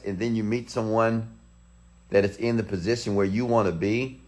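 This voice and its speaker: A man in his thirties, a motivational speaker, telling a personal story in an animated way, with sudden excited shouts. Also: medium pitch.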